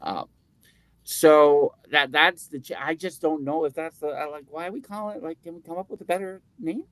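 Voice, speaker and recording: A man's voice: fairly high pitch, normal speed, a bit bright, dry recording. A man co-hosting a casual podcast chat, rambling and jokey, often restarting his sentences. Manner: rambling, self-interrupting, jokey. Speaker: podcast co-host.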